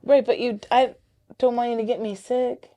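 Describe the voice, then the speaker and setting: A woman's voice: a little high, steady tone, dark tone. A woman chatting and teasing her partner as a podcast co-host, laughing often. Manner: giggly, teasing, quick to laugh. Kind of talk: casual couple chat.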